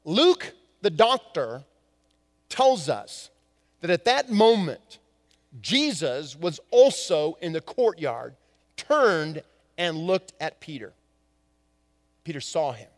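High-voiced man preaching in a reverberant hall. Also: very animated, slow, pauses often. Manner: dramatic shifts from hushed to emphatic. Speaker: pastor. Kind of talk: sermon.

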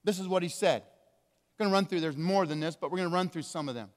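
Man, pastor, sermon, emphatic, drawn-out stresses, high voice, long church-hall reverb. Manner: emphatic, with slow drawn-out stresses and wide swings in loudness.

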